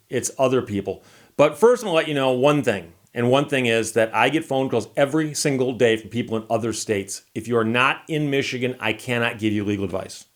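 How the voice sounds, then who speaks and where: A man's voice: medium pitch, a bit bright. Wry, exasperated male lawyer storyteller. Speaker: lawyer and channel host. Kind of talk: casual storytelling monologue.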